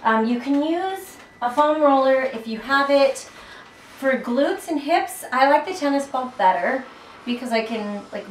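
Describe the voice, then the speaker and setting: A playful, talkative woman with a faint Southern accent guides a floor stretching routine, her voice sitting a bit high. She is recorded from some distance in an echoey room. A faint hiss sits under her voice. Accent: faint Southern American, mostly lost. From South Carolina. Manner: chatty and playful, breaks off to chat mid-exercise. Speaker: fitness instructor. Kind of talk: chatty workout instruction. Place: echoey room, away from the mic. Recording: roomy echo, distant mic, faint hiss.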